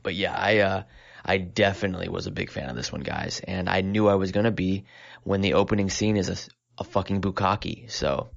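A man's voice: low voice, fairly even intonation, brisk, creaky. A man co-hosting a film podcast, enthusiastic and blunt in his opinions, with some cursing. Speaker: podcast co-host reviewing films. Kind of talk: casual chat. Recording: dull lo-fi sound.

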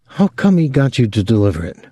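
A man reading an audiobook, voicing a poised young actress with a calm, lightly ironic manner. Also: medium pitch, fairly quick, breathy edge, no echo, studio quality. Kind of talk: audiobook character voice.

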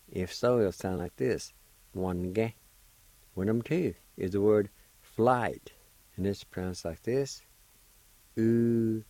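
Man, middle-aged, language lesson, slow careful syllables, low voice. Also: dark tone, no room sound. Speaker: language teacher. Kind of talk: radio language lesson, spelling and pronouncing.

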